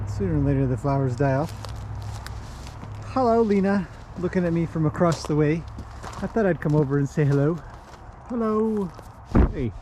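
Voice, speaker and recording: A man's voice: on the high side, dark tone, slight background noise. A man chatting casually in a vlog while walking outdoors among his horses, greeting them in a lifted, sing-song voice. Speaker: horse trainer and owner. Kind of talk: casual walk-and-talk vlog.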